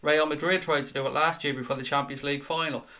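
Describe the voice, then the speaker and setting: Bright-voiced, chatty male stream host. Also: fairly high pitch, fast. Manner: animated, chatty, blunt, swears casually. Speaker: fan chat show host. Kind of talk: live stream chat, reading viewer comments.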